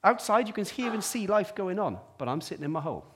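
A man delivers a sermon drawn from his own life, with a voice sitting somewhat high for a man. He drops to quiet, hushed stretches and then climbs to strong, emphatic peaks. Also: very animated, fast talker, slightly rough. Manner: personal storytelling, swings from quiet to emphatic. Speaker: preacher.

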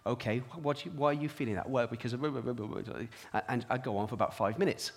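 A man giving a sermon, telling his own story in a personal way, dropping quiet and then rising to emphatic peaks. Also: medium pitch, brisk, vocal fry, few pauses, husky. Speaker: preacher.

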